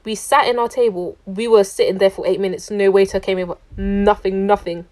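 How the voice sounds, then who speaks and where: A young woman tells a travel story straight to camera. She sounds chatty and indignant, and her sentences are full of "like". Her pitch sits in the middle range. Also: steady tone, fairly quick, a little mellow. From London, England. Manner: chatty, indignant, heavy use of "like". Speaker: traveller recounting a trip.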